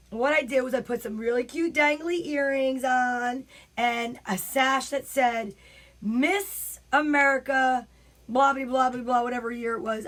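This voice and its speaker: Animated New woman comic, high voice, casual home storytelling. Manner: animated, chatty, frequent asides. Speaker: comedian.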